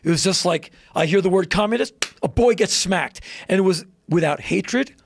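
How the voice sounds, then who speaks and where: A man guest telling a story in a casual podcast chat, animated, jumping into loud high voices when he quotes people. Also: normal speed, creaky, slight background noise. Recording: dry close podcast mic.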